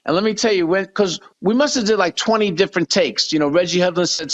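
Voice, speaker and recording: A man guest telling a story in an animated, energetic way. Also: high voice, fast talker, few pauses, dull audio. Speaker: guest actor. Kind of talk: casual interview chat.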